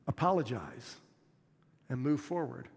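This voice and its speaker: A man's voice: medium pitch, expressive, measured pace, gravelly, breathy edge, long reverb tail. A middle-aged man preaching a sermon as a pastor, earnest and plainspoken, with self-deprecating humor.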